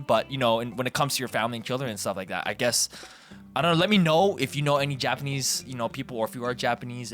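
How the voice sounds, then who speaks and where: A young man hosting a podcast, telling stories in a casual, animated way and acting out what other people said. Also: mid-range voice. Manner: animated, acts out voices in quotes. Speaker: podcast host. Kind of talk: casual storytelling.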